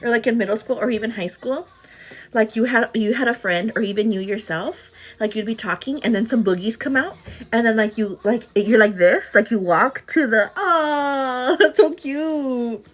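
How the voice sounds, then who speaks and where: A woman's voice: fairly high pitch, moderate pace. A young pregnant woman from El Paso, chatting giggly and casually on her morning livestream. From El Paso, Texas. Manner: giggly, chatty, often says girl. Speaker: livestream host.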